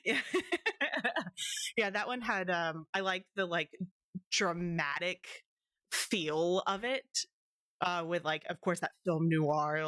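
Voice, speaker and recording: A young woman wraps up her game stream, talking in loose, rambling chat full of ums and giggles. Her voice sits a little low. The sound is dry and close to the mic. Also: measured pace, a bit bright, dry recording. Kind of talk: casual stream wrap-up chat.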